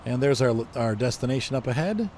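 A man's voice: medium pitch, expressive, fairly quick, darkish tone, a little hiss or hum. A man with a congested, stuffy voice, chatting casually and thinking aloud as he streams a game. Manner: rambling, thinks aloud while driving, self-corrects. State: congested from allergies. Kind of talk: casual gameplay commentary.

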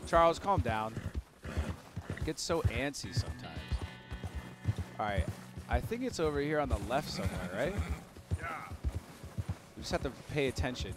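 A young man commentating his game live for viewers, excitable and prone to yelling and laughing when things go wrong. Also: mid-range voice, a little slow, pauses often, music in the background. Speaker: gaming streamer.

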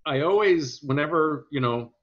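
A man's voice: fairly high pitch, normal speed. A man, an actor being interviewed, telling anecdotes in a rambling, hesitant way. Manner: storytelling, hesitant restarts, quotes others in lively voices. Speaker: actor guest. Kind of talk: conversational interview. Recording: dull lo-fi audio.

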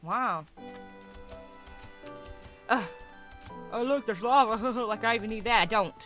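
A young woman giving excitable, chatty commentary while playing a game, squealing and talking to the animals. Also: on the high side, unhurried, soft background music. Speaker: gaming YouTuber. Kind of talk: casual gameplay commentary.

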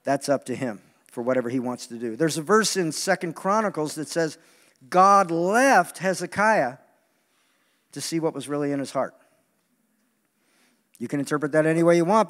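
Man, sermon, lively and joking, high voice, long hall echo. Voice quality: animated, joking, acts out quoted voices. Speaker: preacher. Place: large meeting hall.

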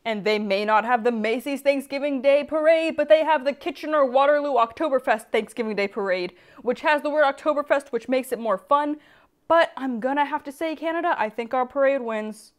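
A young American woman chatting playfully as a vlogger on a lapel mic, reading some history aloud quickly. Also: high-pitched. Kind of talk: casual vlog narration.

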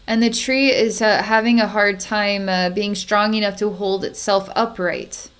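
A woman's voice: mid-range voice, steady tone, smooth. Hesitant woman narrating an energy healing. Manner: halting, many fillers and restarts, soft chuckles. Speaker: psychic healer.

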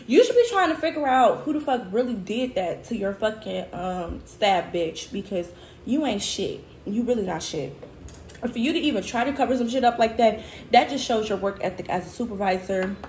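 A woman's voice: on the high side, darkish tone, echoey room, a little hiss or hum. A woman speaking who vents about work in a heated, profane storytime chat, tearful at times. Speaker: food vlogger.

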